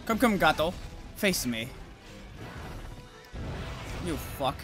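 High, lively gaming streamer man. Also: slow pace, soft background music. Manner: swears and yells at the monster, sudden whoops. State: just woke up, groggy. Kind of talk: live gameplay commentary.

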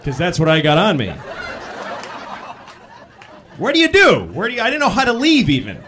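A male comedian on a club stage, with a high, bright voice that swings widely as he tells stories. He breaks into loud yells for his punchlines. The live recording carries faint crowd laughter and some room noise. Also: fast. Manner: animated storytelling, bursts into loud yells for punchlines. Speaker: stand-up comedian. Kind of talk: stand-up set. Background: audience laughter.

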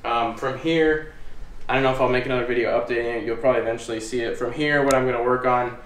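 A man explaining puppy training in a relaxed, plainspoken way. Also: medium pitch, fast talker, distant mic, slight background noise. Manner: relaxed, plainspoken, upbeat commands to the dog. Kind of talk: casual explaining while training. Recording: echoey room, voice from off-mic.

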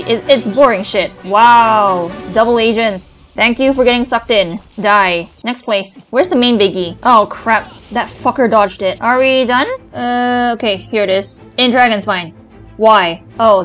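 A woman with a somewhat high voice streams a game, grumbling and swearing in a dry, sarcastic way. Her voice is a little cracked from complaining for so long. Soft game music plays faintly behind her. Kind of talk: casual gameplay commentary.

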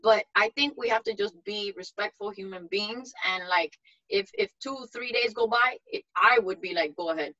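A woman's voice: mid-range voice, normal speed, sharp tone, muffled recording. A woman mentor giving practical, matter-of-fact advice on a video call. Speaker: mentor coach.

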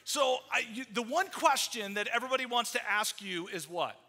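Middle-aged male pastor, high ringing voice, chatty sermon storytelling. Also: lively intonation, brisk, pushed and bright. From Iowa. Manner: storytelling with quoted voices, many fillers. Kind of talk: conversational sermon. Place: church sanctuary.

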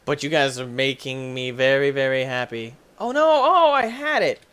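Excitable young man yelping over a game. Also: medium pitch, moderate pace, smooth. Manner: excitable, yelps and laughs often. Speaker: gaming YouTuber. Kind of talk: playing and commenting a game.

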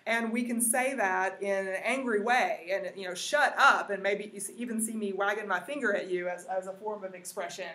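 A woman's voice: mid-range voice, steady tone, fairly quick, hardly any pauses, a bit bright. A woman teacher giving a recorded lesson, explaining step by step with many ums and uhs. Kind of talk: recorded classroom lecture. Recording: roomy, mic far off.

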